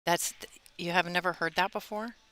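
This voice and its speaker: A woman's voice: on the low side, fairly even intonation, normal speed, pushed and bright, no room sound. A woman who plays and commentates pool, explaining things in a friendly way. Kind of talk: casual sports commentary.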